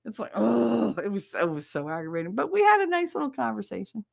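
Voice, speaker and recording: A woman's voice: mid-range voice, wildly swooping pitch, quick pace, creaky, dry recording, studio quality. A woman in her fifties with a New Jersey accent, hosting a podcast and telling stories in a casual, blunt and profane way, acting out both sides of a conversation. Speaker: podcast host. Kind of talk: casual storytelling chat.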